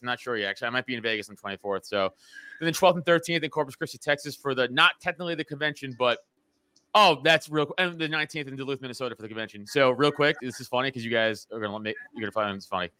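A man hosting a podcast chat, a comedian who tells stories in a profane, animated way. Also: medium pitch, smooth, no echo. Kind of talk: casual chat.

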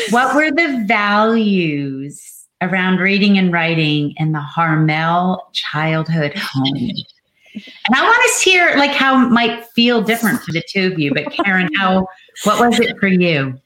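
A woman's voice: medium pitch, unhurried, roomy sound, slight background noise, low-quality recording. A woman co-hosting a casual book chat show, joking and teasing her guest. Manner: lively and joking. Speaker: co-host.

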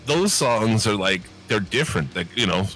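A man co-hosts a casual podcast, talking in a low voice with a bright, forceful edge. He rambles, swears often, and leans on fillers. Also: lively intonation, normal speed, a little hiss or hum. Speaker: podcast co-host. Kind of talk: casual chat.

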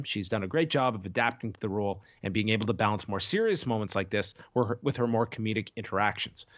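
A man co-hosting a casual chat podcast while sick, talking in a measured, thoughtful way. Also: mid-range voice, no echo, lo-fi sound. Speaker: podcast co-host.

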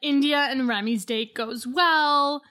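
A young woman with a slightly high voice, chatting casually as a podcast co-host. She reads off her notes in a wry, dry way, with easy asides. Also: slow pace, sharp tone. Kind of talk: casual chat recapping a reality show.

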